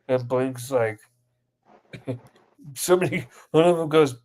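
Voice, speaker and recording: Guy on a podcast retelling comedy skits, doing the lines, casual and lively, middle pitch. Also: unhurried, pauses often. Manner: animated retelling of comedy sketches, acting out lines. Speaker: podcast co-host. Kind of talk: casual chat.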